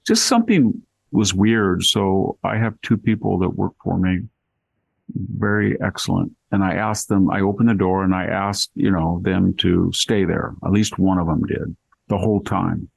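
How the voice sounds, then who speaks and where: A man's voice: low voice, normal speed, gravelly, slightly rough, dry recording, poor audio. An older man hosting a podcast, chatting casually and telling anecdotes with plenty of asides. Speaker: podcast host. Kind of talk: casual chat.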